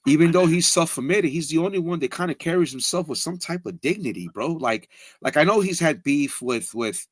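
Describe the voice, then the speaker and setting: A blunt, profane man trading stories on a casual podcast, his pitch swinging widely as he makes his points. His voice sits a little high for a man and sounds close and dry, with no room echo. He keeps tagging his lines with "bro" and "fool.". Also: expressive, brisk, husky.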